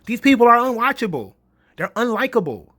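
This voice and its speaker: A man's voice: very high-pitched, big pitch swings, brisk, fairly bright tone, no room sound. A man ranting in a mocking, exasperated, profane monologue about wrestling. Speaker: wrestling commentary host.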